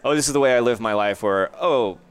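A man's voice: mid-range voice, fast, clean tone. A man hosting a casual interview, asking long, winding questions full of fillers. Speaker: podcast host.

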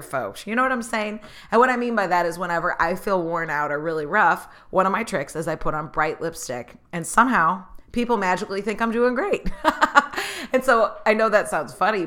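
A woman's voice: on the low side, a bit bright. Earnest woman telling a personal story. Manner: earnest, laughs often, gets emotional. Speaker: speaker sharing stories. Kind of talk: motivational storytelling.

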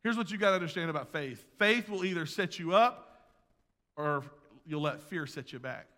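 A man preaches a sermon in a church sanctuary, his voice ringing with a long hall reverb. His tone is bright and fairly high, and he moves between loud, driving emphasis and quiet, hushed asides. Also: animated, moderate pace. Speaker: pastor.

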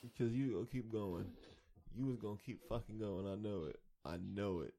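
A man's voice: lowish voice, normal speed, vocal fry, mellow. A young man co-hosting a casual podcast, heckling and cursing, repeating his jabs. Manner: heckling, profane, repeats himself. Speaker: podcast co-host.

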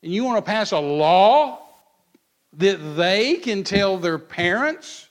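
A man's voice: high-pitched, expressive, takes it slowly. A man, preaching in church in a blunt, folksy way and acting out both sides of quoted back-and-forth. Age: 60s. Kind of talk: sermon.

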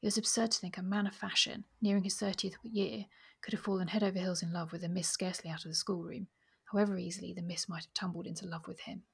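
A woman's voice: fairly low pitch, steady tone, fast talker, vocal fry, hardly any pauses, husky. A woman reading passages from a novel aloud with expression, sometimes dropping almost to a whisper, and talking about the book.

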